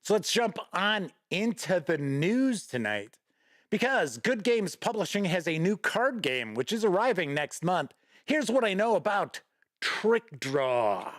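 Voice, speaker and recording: A man's voice: sits high, sing-song, measured pace, fairly bright tone, dry recording, studio quality. A man hosting a live-streamed gaming news show, chatty and folksy, greeting viewers by name and reading out news. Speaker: host.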